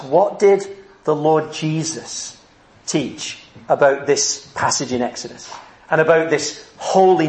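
A man preaching a sermon, earnest and emphatic, acting out the people he quotes. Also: mid-range voice. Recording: echoey room.

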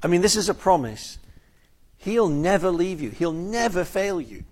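An earnest male preacher delivers a sermon with a slightly raised pitch. He leans hard on key phrases, drawing them out slowly, and now and then repeats a word as he presses his point. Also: sing-song, darkish tone. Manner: earnest, emphatic, with slow drawn-out stresses and repeated words. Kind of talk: expository sermon.

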